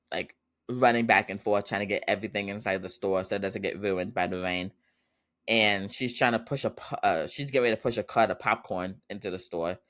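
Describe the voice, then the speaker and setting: A man's voice: lowish voice, fairly bright tone. A man hosting a podcast, casually recapping a TV episode in a chatty way and laughing often as he retells it. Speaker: podcast host.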